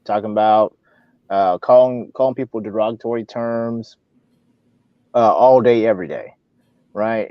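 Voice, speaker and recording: A man's voice: fairly low pitch, no echo, muffled recording. A man co-hosting a live talk show, giving casual opinion commentary in a rambling, ranting way. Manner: rambling, repeats and restarts, animated ranting.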